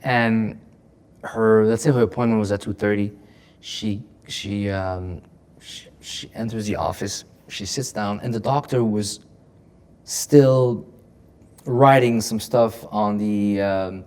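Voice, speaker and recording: Man, lowish pitch, comedian podcast guest, animated storytelling, repeats words, laughs. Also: slow pace. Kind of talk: emotional podcast conversation. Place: podcast studio.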